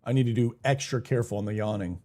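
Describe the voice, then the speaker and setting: A man's voice: on the low side, fast, dark tone. A young man live-streaming a game, chatting casually, greeting viewers by name and swearing now and then in a hyped-up way.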